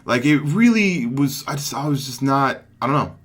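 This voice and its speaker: Young male gaming commentator, casual and excitable, swings between low asides and sudden loud hype. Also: normal speed.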